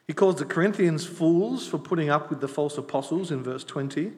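A middle-aged man preaching a conversational sermon at an evening church service, chatty, with emphatic bursts and slowed-down points. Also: a little high, fairly bright tone. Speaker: visiting preacher. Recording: echoey church with long reverb.

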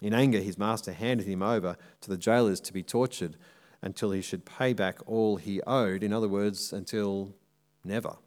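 Man preaching a sermon. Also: lowish voice. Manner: explains step by step, then slows and softens to drive points home. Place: church.

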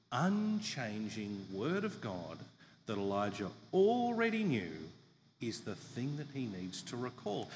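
Lively, humorous male preacher in a hall. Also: on the high side, slight background noise. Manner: lively humorous storytelling, asks the congregation. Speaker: pastor. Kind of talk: sermon.

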